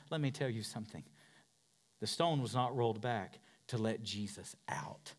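Guy preaching a sermon, fired up, goes from hushed to yelling and back. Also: medium pitch. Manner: impassioned preaching, swings from hushed to shouting. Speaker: pastor.

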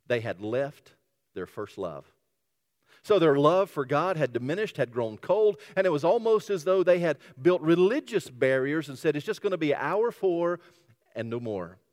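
A man's voice: mid-range voice, a little mellow. A pastor preaching a sermon, emphatic and repetitive, asking his listeners rhetorical questions. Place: church sanctuary. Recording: long hall reverb.

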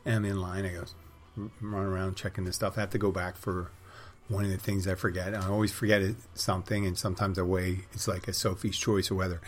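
A middle-aged man rambling through a casual monologue, with wry, digressive, crude humor. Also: low-pitched.

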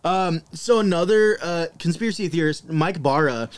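Man, somewhat high voice, casual chat, wry asides, reads research aloud. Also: moderate pace, clean tone, dry recording. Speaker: podcast co-host presenting research.

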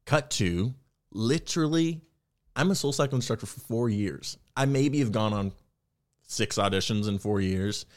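A young man, an actor, talking candidly in an interview, telling his story in a reflective, animated way. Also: fairly low pitch. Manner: candid, reflective, animated when quoting himself. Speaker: actor and podcast guest.

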